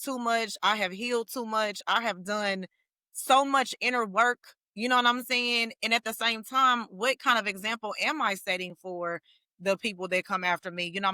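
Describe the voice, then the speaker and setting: A woman's voice: medium pitch, moderate pace, pushed and bright, smooth, no echo. A woman co-hosting a podcast in casual chat, earnest, often checking in with "you know what I'm saying". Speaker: podcast co-host.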